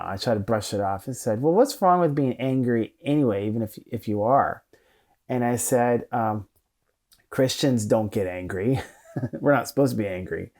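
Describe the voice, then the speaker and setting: A man with a voice of ordinary pitch lecturing as a therapist. He speaks in a conversational, thoughtful way and often stops to restart a sentence. The talk is unscripted and easygoing. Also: a little mellow.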